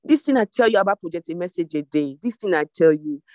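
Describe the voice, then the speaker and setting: A devotion leader preaches an online sermon over a video call. The voice sits at a middling pitch and repeats its exhortations with emphasis. The sound is dry, with no room echo. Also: expressive, fast talker, darkish tone.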